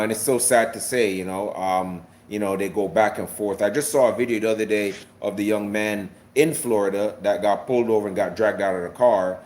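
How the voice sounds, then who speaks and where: A man's voice: on the low side, a little mellow. A man originally from Jamaica, speaking in an American accent with a light Jamaican lilt, chats casually on a livestream, rambling and repeating words as he answers viewers. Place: South Florida.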